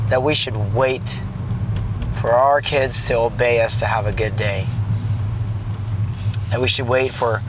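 A man's voice: medium pitch, noisy background. A man in his thirties, a father, talking through a reflection on parenting in a casual vlog that turns preachy, earnest and rambling with many restarts, from inside a car.

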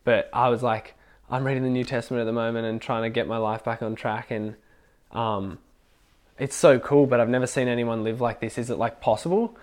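A man's voice: mid-range voice, a little fast. A young man casually telling a personal faith story, rambling with lots of filler words and laughing now and then. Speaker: speaker sharing a faith testimony.

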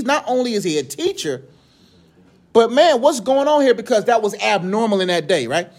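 Young male preacher, high voice, slangy and joking, casual Bible-study delivery. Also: sing-song, brisk, a little mellow. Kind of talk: casual sermon.

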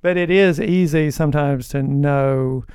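A man's voice: a little high, unhurried, darkish tone, clean tone, no room sound, studio quality. A man co-hosting a leadership podcast, reflective and hesitant, often restarting and trailing off his thoughts. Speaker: podcast co-host.

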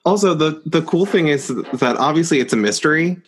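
A man co-hosting a podcast in relaxed, casual conversation. He rambles and leans on "like" over and over as he talks. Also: on the high side, brisk. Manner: rambling, heavy on "like" fillers. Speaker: podcast co-host. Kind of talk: casual chat.

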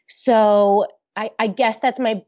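A woman's voice: fairly high pitch, fairly even intonation, takes it slowly, a little mellow, dry recording, highs cut off. A woman guest in a candid interview, speaking openly and earnestly, with frequent restarts and fillers. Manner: open, earnest, talks with many restarts and fillers. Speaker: podcast guest.

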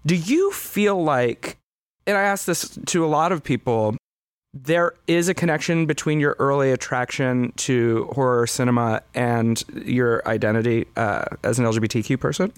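A man of middle pitch hosts a podcast interview, easing into questions with frequent fillers. His voice sits close and dry on the mic with no room sound, and he talks in a relaxed, thoughtful way. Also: moderate pace, clear, resonant tone, dry recording. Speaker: podcast host. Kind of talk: conversational interview.

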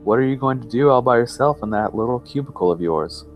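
A man's voice: medium pitch, expressive, quick pace, lo-fi sound, soft background music, voice pushed up, natural voice. A man voicing a teasing male police officer who cracks jokes at a colleague. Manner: mocking, wisecracking.

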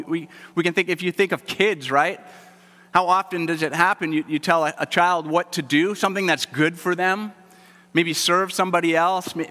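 A man's voice: on the high side, pushed and bright, big-room sound. A man preaching a sermon as pastor, earnest and conversational, often repeating words as he goes.

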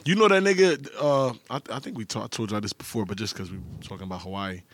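A man's voice: on the low side, fast talker, a little hiss or hum. A man co-hosting a podcast, talking in laid-back, joking banter with friends. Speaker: podcast co-host. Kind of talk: casual chat.

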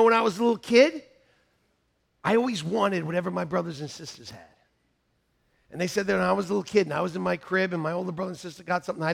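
A middle-aged man preaching a sermon as pastor, animated, breaking into shouted bursts and laughing asides. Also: high voice, vocal fry.

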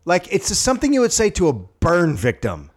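A man's voice: sits high, wildly swooping pitch, moderate pace, slightly rough. A middle-aged man co-hosting a casual comedy podcast, telling stories with acted-out quotes and plenty of swearing. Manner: storytelling, acts out quotes, swears. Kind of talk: casual chat.

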